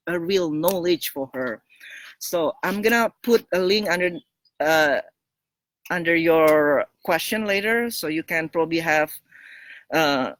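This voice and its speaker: In a dry recording, a woman relationship coach speaks casually and bluntly, handing out frank advice in a monologue. Her mid-range voice is lively, she laughs between points, and she frequently repeats and restarts words.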